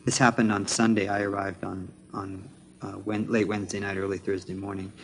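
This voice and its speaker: A man earnestly recounting a personal story at a spiritual gathering, measured and halting, pausing to explain unfamiliar terms. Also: lowish voice, little pitch movement, a little hiss or hum. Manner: measured with frequent restarts. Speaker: speaker sharing trip experiences at a spiritual gathering.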